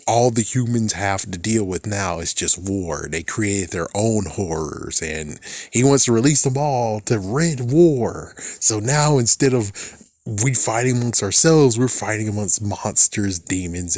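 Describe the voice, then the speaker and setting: A young man with a lowish voice gives a loose, rambling review of a show episode. He is excitable, swears freely and keeps cracking himself up. The sound is dry and close. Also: no room sound.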